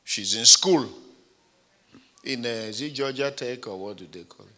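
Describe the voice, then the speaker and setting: A pastor preaching a sermon, telling stories with animated shifts of voice and acting out the people he quotes. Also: mid-range voice, moderate pace.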